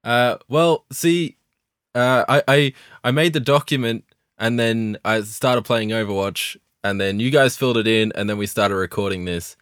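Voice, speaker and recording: A young man co-hosting a casual podcast chat, halting and deadpan with many restarts. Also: medium pitch, clean tone, no echo, studio quality. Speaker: podcast co-host.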